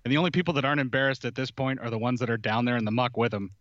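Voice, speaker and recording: A man's voice: medium pitch, rapid-fire, fairly bright tone, no echo, dull audio. A man chatting casually on a podcast, sarcastic and mocking, swearing freely. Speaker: podcast co-host. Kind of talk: casual political chat.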